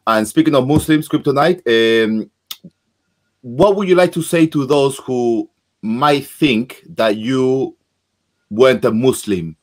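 A man's voice: mid-range voice, takes it slowly. A man hosting a live-stream interview, polite and encouraging.

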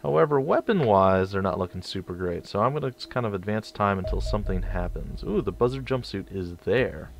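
A man's voice: on the low side, expressive, a little fast, creaky, hardly any pauses. A young man casually commentating his strategy game, rambling and stumbling over his words. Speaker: let's play host.

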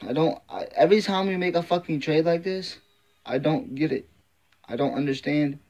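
A man's voice: fairly high pitch, normal speed, a little mellow, highs cut off. A man ranting in frustration as a sports fan vlogger, swearing constantly and repeating himself. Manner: frustrated, profane, repetitive ranting. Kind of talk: angry fan rant.

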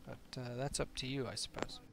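A man's voice: mid-range voice, steady tone, a little fast, creaky, a bit bright. A man doing a blunt woman griffin keeper. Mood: wry. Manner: blunt, wry, hesitant with fillers. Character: tough woman griffin keeper, dry humor.

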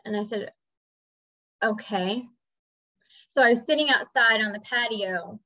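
A woman's voice: fairly high pitch, unhurried, sharp tone, dry recording. A woman sharing a personal story in a casual, earnest talk, now and then acting out voices and bird sounds. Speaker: spiritual speaker. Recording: slightly dull dry recording.

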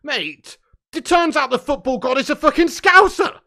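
High-voiced fan, sweary and bitter, live watchalong commentary. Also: expressive, moderate pace, vocal fry, pushed and bright. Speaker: football fan streamer.

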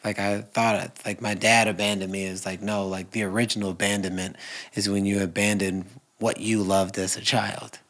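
A man, a podcast guest, telling an emotional personal story with earnest intensity, dropping to whispers and rising to loud bursts. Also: on the low side, little pitch movement, normal speed.

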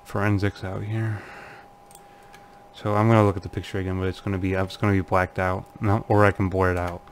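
A man with a low, fairly monotone voice reads through forum threads and comments on them. He laughs nervously and often trails off into quiet, uneasy mutters. A faint hum sits under the recording. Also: a little fast. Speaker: channel host. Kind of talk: casual commentary reading forum posts.

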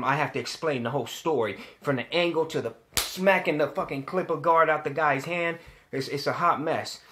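Profane, fired-up man telling a story. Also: fairly high pitch. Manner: animated, profane, repeats himself when worked up. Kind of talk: casual storytelling to camera.

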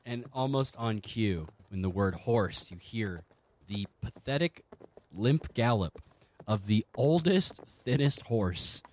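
A man running a comedic tabletop game as game master, rambling and halting with amused asides. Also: on the low side, animated.

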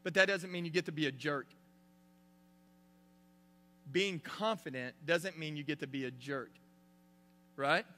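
A middle-aged man, a pastor, giving an animated sermon full of storytelling. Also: a little high, measured pace, pauses often, in a large hall.

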